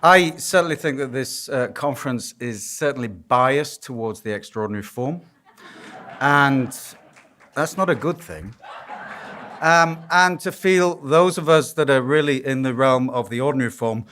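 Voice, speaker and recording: A man's voice: medium pitch, moderate pace, a bit bright, a little hiss or hum. A man with a Yorkshire accent, a priest speaking at a conference, telling stories with self-deprecating humor. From Yorkshire, England. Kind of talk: conference lecture. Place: conference hall.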